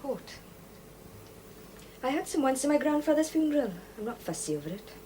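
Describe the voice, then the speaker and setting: A sharp-tongued young wife. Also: female voice, sits high, big pitch swings, normal speed. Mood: wry. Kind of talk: 1970s television period drama. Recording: clear background noise.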